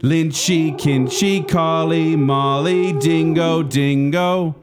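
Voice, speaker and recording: A man voicing a singing dog in a high singsong chant. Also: steady tone, takes it slowly, over music. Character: singing dog, male, eerie.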